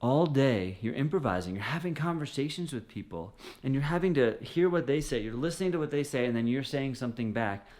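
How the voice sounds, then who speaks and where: A man's voice: medium pitch, animated, a little fast, few pauses, a little mellow. Encouraging male music teacher. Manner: encouraging, conversational, often sings short phrases. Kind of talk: direct-to-camera singing lesson.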